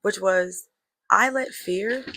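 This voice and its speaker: A woman's voice: mid-range voice, slow, bright, forceful tone, slight background noise. A young woman telling a personal story to her viewers in a casual, chatty way, talking to them as girl and y'all and drawing a life lesson from it. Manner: reflective, draws life lessons.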